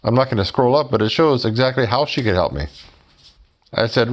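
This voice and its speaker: A man's voice: mid-range voice, lively intonation, a little fast. A man telling a story to his viewers in a sarcastic, mocking way and speaking directly to them as folks. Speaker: YouTuber.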